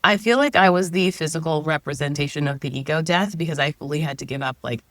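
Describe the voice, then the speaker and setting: A woman's voice: low voice, fast talker, no echo. Chatty woman telling her story, dry sound. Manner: chatty, heavy use of 'like', quotes her own thoughts aloud. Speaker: guest. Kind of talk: casual interview storytelling.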